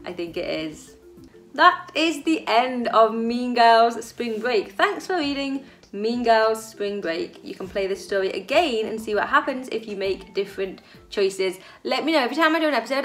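A woman's voice: fairly high pitch, fairly bright tone. A woman who runs a gaming channel, chattily wrapping up a story game she has been reading aloud. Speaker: YouTuber playing a story game.

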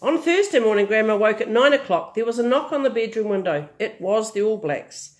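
An older woman reading a picture book aloud, gentle and amused with chatty asides. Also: a little high, animated, a little fast. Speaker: storyteller.

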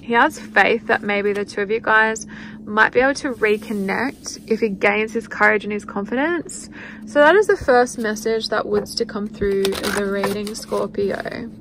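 A woman's voice: medium pitch, moderate pace, background noise. A woman giving a spiritual card reading, chatting loosely and voicing what the people in it might be thinking. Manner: chatty, speaks in quoted inner voices. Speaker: tarot card reader.

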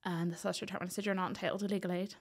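A Northern Irish woman in her thirties, a podcast guest telling a personal story in an animated way and acting out the voices of the people in it. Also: fairly low pitch, racing, slightly rough. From Northern Ireland.

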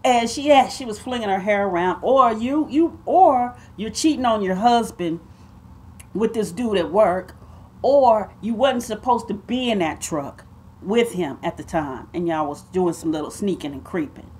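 A woman tells a story straight to her viewers. Her voice sits at an ordinary middle pitch, and she talks in an animated, emphatic way, calling them y'all and babe. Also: unhurried. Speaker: vlogger.

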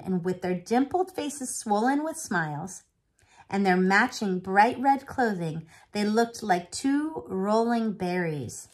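A woman teacher reading a novel aloud to her students, expressive and animated. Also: medium pitch, takes it slowly.

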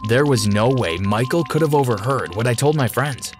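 A man narrating a dramatic first-person story in an expressive storytime style. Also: medium pitch, normal speed, music in the background.

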